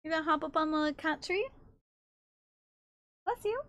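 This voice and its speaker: A woman streamer with a high, bright voice chats casually with her viewers and slips into cooing baby talk for her cats. The recording is dry and close, with no room sound. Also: steady tone, fast, no room sound. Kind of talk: casual live-stream chat.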